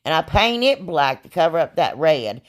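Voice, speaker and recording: A woman, a bit hoarse from losing her voice, rambling chattily through a crafting voiceover as a channel host. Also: sits low, big pitch swings, moderate pace. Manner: chatty, rambling, self-deprecating, frequent "y'all" and "anyway".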